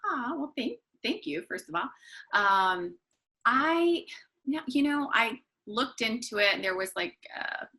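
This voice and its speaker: A woman co-hosts a podcast in easy, encouraging chat, reading out fan questions. Her voice is bright and sharp. A gravelly fry runs through it. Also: fairly high pitch, animated, a little slow. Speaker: podcast co-host.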